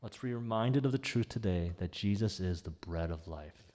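A man preaching a sermon as pastor, in a conversational, animated way. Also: fairly low pitch, moderate pace, long reverb tail. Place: church sanctuary.

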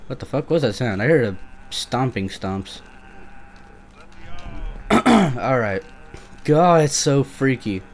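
In let's-play commentary on a creepy shooter game, a young man with a medium-pitched voice, lively intonation, and an unhurried pace sounds nervous and swears a lot. He often talks back to the monsters.

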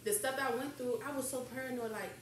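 A podcast host with a high voice talks fast on a casual talk show, candid and emotional in loose, slangy, rambling chat. She's recorded from a distance in an echoey room with faint noise.

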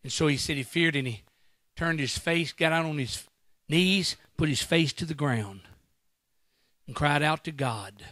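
Bright-voiced preacher, slow and dry. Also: male voice, a little high, dry recording. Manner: preaching with sudden loud bursts and acted quotes. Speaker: guest pastor. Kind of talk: sermon. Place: church.

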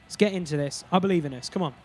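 A young man chatting excitably as he plays a hockey video game, cheering and grumbling with mild curses. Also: fairly high pitch, very fast, soft background music. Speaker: gaming video host. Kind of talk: live gameplay commentary.

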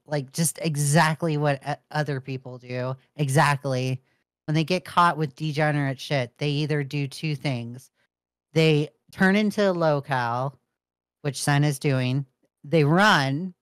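A woman's voice: sits low, slow, clear, resonant tone, no echo, clean studio sound. A woman co-hosting a podcast in casual chat, blunt and joking, swearing freely. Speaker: podcast co-host.

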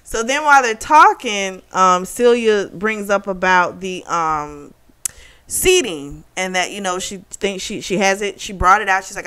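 A woman's voice: mid-range voice, unhurried, pushed and bright, clean tone. A woman casually retelling a book's plot for her book review channel, chatty and laughing often. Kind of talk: casual chat.

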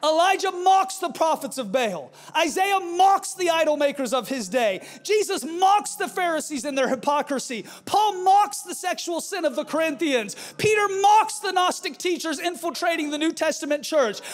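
A male pastor delivering a fiery sermon with forceful, shouted refrains. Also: very high-pitched, big pitch swings, normal speed, few pauses.

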